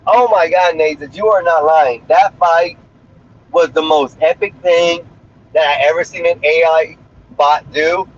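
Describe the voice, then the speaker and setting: A man's voice: a little high, steady tone, unhurried, slight background noise. A man chatting casually on a livestream, talking loosely with profane street slang, from inside a car. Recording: slightly dull lo-fi stream audio.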